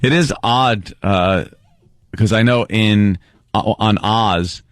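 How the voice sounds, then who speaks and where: Man, laid-back co-host, lowish voice, dry mic. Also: takes it slowly, no echo. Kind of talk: casual chat. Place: radio studio.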